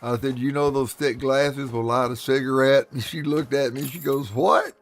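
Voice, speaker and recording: A man's voice: mid-range voice, fairly even intonation, moderate pace. A man telling folksy stories on a live stream, laughing often and acting out what people said. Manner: folksy, laughs often, acts out his quotes. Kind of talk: casual storytelling on a live stream.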